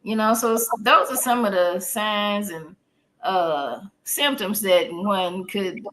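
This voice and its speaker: A woman's voice: medium pitch, takes it slowly, fairly bright tone, a little hiss or hum. A woman speaks in a mid-range voice, casual and down to earth. She explains things plainly as a therapist on a podcast and mixes in easy humor.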